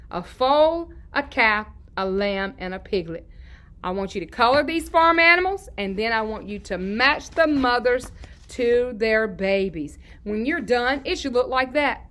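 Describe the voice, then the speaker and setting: Bright-voiced woman teaching young children. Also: fairly high pitch. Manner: sing-song, repeats key words slowly; asks questions and answers them herself. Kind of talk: children's lesson to camera.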